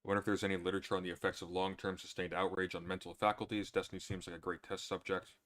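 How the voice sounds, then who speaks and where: Very deep-voiced man, dry and sardonic. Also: little pitch movement, rapid-fire, fairly bright tone. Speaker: streamer answering chat questions. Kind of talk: casual livestream chat.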